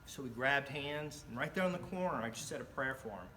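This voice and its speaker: A middle-aged man telling a personal story in a club speech, animated and acting out the voices of the people in it. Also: medium pitch, a little fast, a little hiss or hum. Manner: animated, acts out quoted voices. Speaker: club speaker.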